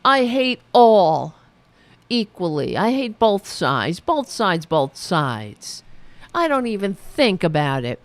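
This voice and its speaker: A woman's voice: medium pitch, sing-song, takes it slowly. A woman mimicking a smug apolitical person who claims to hate both sides, in a dismissive, whiny way.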